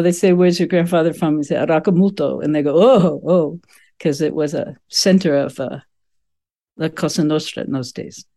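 Mellow-voiced woman in her sixties, rambling. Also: lowish voice. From United States. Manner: rambling, anecdotal, frequent ums and asides. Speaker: podcast guest. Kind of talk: conversational family storytelling.

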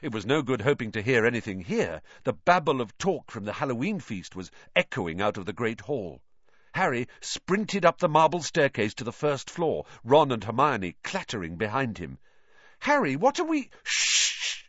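A man narrating a fantasy audiobook with expressive storytelling. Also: mid-range voice, moderate pace, dry recording. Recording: dry, slightly dull recording.

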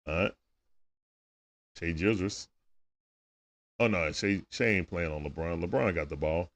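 Low gravelly guy with aave speech, chatting through a basketball game on stream, talks back to the players. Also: unhurried. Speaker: livestream game commentator. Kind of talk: casual play-by-play commentary.

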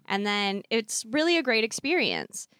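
A woman's voice: a little high, huge pitch swings, normal speed, a bit bright, clear, resonant tone, no room sound, clean studio sound. A woman hosting a comedy podcast, playful and sarcastic, laughing easily. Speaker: podcast host. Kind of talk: casual comedy podcast chat.

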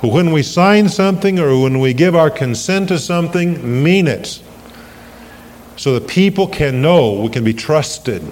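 A man preaches in an unhurried, deliberate cadence, leaning hard into each quoted verse and pausing to question his listeners. His voice rings out through a long church reverb, with a faint hiss underneath, like an old 1980s sanctuary recording. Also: a little high, lively intonation, a little mellow. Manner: emphatic, slows down and swells on scripture quotes, asks the congregation questions. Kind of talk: sermon.

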